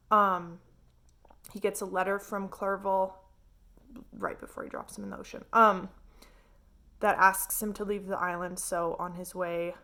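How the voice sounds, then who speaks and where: A woman's voice: mid-range voice, a bit bright. Chatty woman reviewing a book. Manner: chatty, many filler words. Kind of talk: casual chat.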